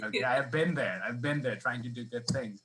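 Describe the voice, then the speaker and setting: Bright-voiced man telling a rambling stand-up story. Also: mid-range voice, fairly quick, a little hiss or hum, rough recording. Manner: rambling, self-deprecating, many restarts. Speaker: stand-up comic. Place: comedy club stage.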